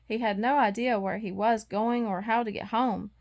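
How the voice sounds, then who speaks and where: A woman with a fairly high voice reads a children's bedtime story aloud. She narrates expressively and voices the sound effects herself. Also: fairly even intonation, moderate pace, a little mellow. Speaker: storybook reader.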